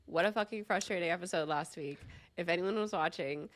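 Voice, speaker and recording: A woman's voice: lowish voice, brisk, no room sound, clean studio sound. A woman hosting a podcast in casual chat, retelling events emphatically and swearing freely. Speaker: podcast host.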